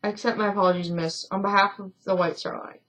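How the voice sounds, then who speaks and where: A woman's voice: medium pitch, fairly even intonation, quick pace, fairly bright tone, lightly acted, rough recording. A woman reading as a kind, solemn young steward. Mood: earnest. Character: kind, earnest young male ship steward.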